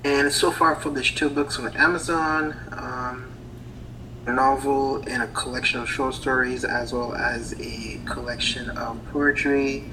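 A man's voice: medium pitch, level tone, a little slow, background noise. A man in his thirties from Haiti, a writer guest on a podcast, speaking hesitantly with many ums and laughing easily. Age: 30s. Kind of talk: casual podcast interview.

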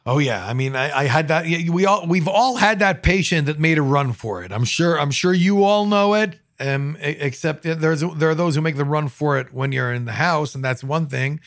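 A man, a paramedic, telling work stories in casual talk, animated and acting out what people said. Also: a little high, moderate pace, hardly any pauses. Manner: animated storyteller, acts out quotes.

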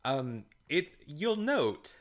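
A man's voice: a little high, big pitch swings. A man co-hosting a podcast, chatting casually about an episode and laughing often. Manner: slow, amused, laughs often. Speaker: podcast co-host. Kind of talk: casual episode recap chat.

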